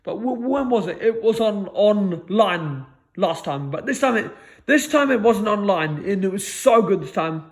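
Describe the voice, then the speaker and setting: A man with a notably high voice talks on in a loose, rambling monologue. He stumbles over words and restarts often, and keeps ending phrases with a low, quiet mutter. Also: expressive, a little slow. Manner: repeats "lads" in a low mutter, stammering restarts. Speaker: vlogger.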